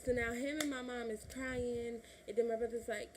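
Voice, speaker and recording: A twenty-one-year-old woman from Illinois, USA, vlogs chattily to her camera about a personal story, laughing often and acting out what her family said. Her voice sits a little high with fairly even intonation and a moderate pace, and there's background noise.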